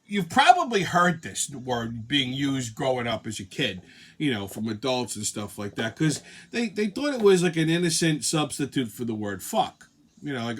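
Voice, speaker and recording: A man's voice: medium pitch, big pitch swings, moderate pace, slight background noise. A man hosting a comedic monologue show, profane and laughing at his own jokes. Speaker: host.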